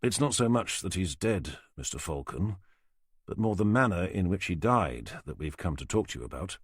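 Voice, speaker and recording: A man voicing a calm police inspector who questions in a measured, dry, firm way. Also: low voice, slightly rough, no room sound, exaggerated voice.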